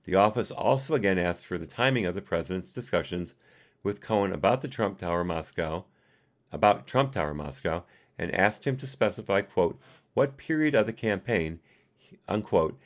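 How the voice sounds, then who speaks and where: A man's voice: deep voice, animated, normal speed. A man doing a live reading of a report, reading the punctuation aloud and adding his own asides. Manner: reads punctuation aloud and adds personal asides. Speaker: reader and commentator.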